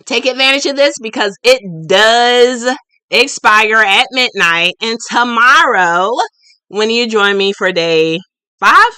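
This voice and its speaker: A woman's voice: a little high, slow, bright, forceful tone, smooth, no room sound. A woman in her late thirties hosting a casual live stream, chatty and goofy, laughing often as she talks to viewers. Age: late 30s. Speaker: livestream host and shop owner.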